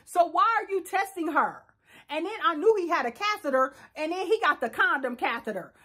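A woman's voice: very high voice, expressive, fairly quick, pushed and bright. A young woman hosting a casual reality TV recap, blunt and sassy, laughing often and full of slang. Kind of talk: casual reaction commentary.

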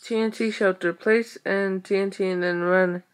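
A young woman giving casual game commentary, excitable, exclaiming and muttering to herself as she plays. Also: mid-range voice, moderate pace, smooth. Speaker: gaming video creator.

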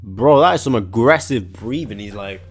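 A young man giving excitable, slangy commentary on a video game, often yelping and laughing. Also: lowish voice, moderate pace, husky, soft background music. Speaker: gaming YouTuber. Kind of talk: gaming commentary.

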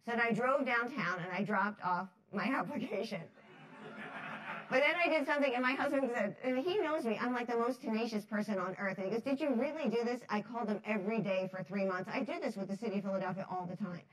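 Animated, chatty woman telling stories. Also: fairly high pitch, quick pace, low-quality recording. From New Jersey. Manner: animated, laughing, acts out quoted voices; chatty, many fillers like "like". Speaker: speaker at a foundation talk series. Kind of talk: storytelling talk to an audience.

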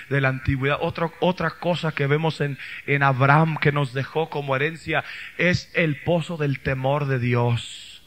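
A male pastor preaching a bilingual sermon, switching between English and Spanish and building to shouted praise, on an old cassette tape recording. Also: fairly high pitch, a little hiss or hum. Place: church youth camp service.

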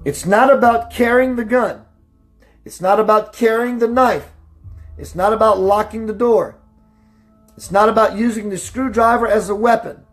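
Preachy spiritual talk radio man. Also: soft background music. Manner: preachy, emphatic, greets listeners by name; slows down for emphasis, voice dips low and quiet. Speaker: radio show host.

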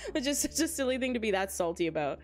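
Giggly high-voiced woman streamer. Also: very animated, brisk, a little mellow, faint music behind. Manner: giggly, talks straight to chat. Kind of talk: casual live-stream chat.

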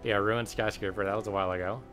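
A man gives a let's-play commentary in a lowish voice. He sounds chatty and wry, thinking aloud and pausing on ums as he shops and sorts gear. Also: fairly even intonation, fairly bright tone, faint music behind. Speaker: gaming channel host.

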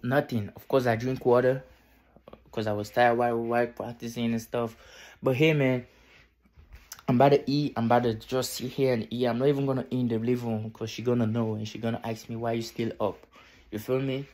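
Tired young man talking quietly. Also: medium pitch, level tone, a little fast. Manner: tired, quiet near-whisper, repetitive. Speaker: vlogger. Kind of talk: casual vlog talk to camera. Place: his bedroom at home at night.

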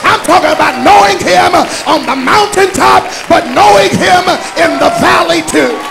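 High-pitched shouting male preacher. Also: moderate pace, gravelly. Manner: preaching with shouted, sung cadences, dropping to quiet teaching. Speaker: bishop and pastor. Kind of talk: sermon. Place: church conference. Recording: live church recording with faint music and crowd.

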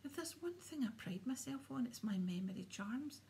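A woman voicing a vain, smooth-talking male wizard teacher in a storybook reading, pompous and condescending. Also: on the high side, expressive, normal speed, dark tone, a little hiss or hum. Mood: smug.

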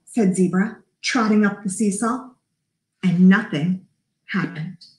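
Slow, animated woman reading a storybook. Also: mid-range voice. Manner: animated, does character voices, pauses to talk to kids. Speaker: children's librarian. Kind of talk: storybook read-aloud. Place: library room. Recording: echoey room.

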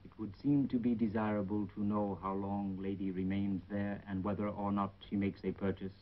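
An actor playing a watchful, calculating male spy who speaks in measured, formal broken English and proverbs, in 1930s film acting on a dull 1930s film soundtrack. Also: on the low side, level tone, natural voice.

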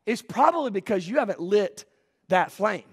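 A man's voice: sits high, lively intonation, moderate pace, creaky, slightly rough. A male pastor preaching a sermon in a church sanctuary, bantering playfully with the congregation. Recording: reverberant church hall.

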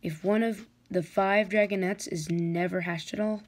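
A woman's voice: mid-range voice, steady tone, moderate pace, natural voice. A woman reading aloud and voicing a cruel, mocking female dragon warlord in a storybook reading, with a taunting, sneering manner.

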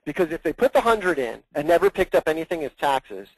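A man with a somewhat high voice explains an administrative process on a training call. He is earnest and thorough, often doubling back on his words, and the sound is dry and close. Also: big pitch swings, brisk, slightly rough, dry recording, poor audio. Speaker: plan administrator guest.

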